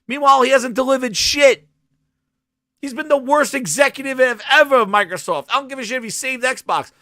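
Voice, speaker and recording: A man's voice: very high voice, animated, normal speed, pushed and bright, no room sound, clean studio sound. A man hosting a gaming podcast, delivering a heated, profane rant with mocking impressions. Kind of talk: ranting solo commentary.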